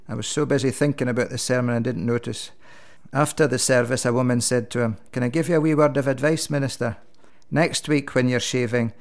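A man, a minister, runs through a string of church jokes. His delivery is dry and gentle, and his punchlines come quickly. His voice sits at an everyday middle pitch.

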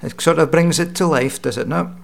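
A man's voice: a little high, brisk, gravelly. A man hosting a radio interview, prompting his guest with brief friendly questions. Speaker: radio host.

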